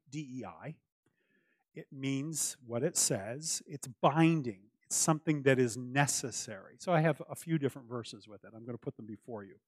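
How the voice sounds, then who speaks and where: A man's voice: mid-range voice, no room sound. Earnest male pastor preaching emphatically. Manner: earnest, emphatic, repeats key phrases. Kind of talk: sermon.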